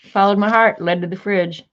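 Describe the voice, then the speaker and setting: A woman reading sassy one-liners aloud to her viewers in a casual, chatty way, with small laughs in between. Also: mid-range voice. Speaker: crafter sharing sayings on video. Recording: dull, lo-fi home video sound.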